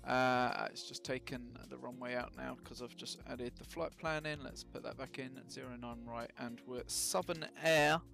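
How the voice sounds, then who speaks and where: A man's voice: mid-range voice, vocal fry, fairly bright tone. A man casually talking through his flight sim setup on a live stream, chatty and full of ums and self-mocking jokes.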